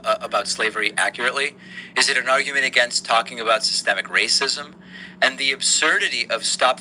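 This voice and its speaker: A man's voice: mid-range voice, sharp tone, slight background noise, poor audio. A man giving pointed, critical political commentary in a played clip. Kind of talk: opinion commentary.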